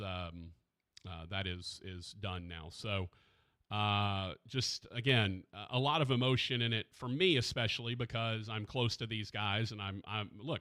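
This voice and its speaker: A man hosting a sports radio show, talking haltingly and with grief, searching for his words, close to a studio mic. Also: lowish voice, sharp tone. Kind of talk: emotional radio talk. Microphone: studio microphone.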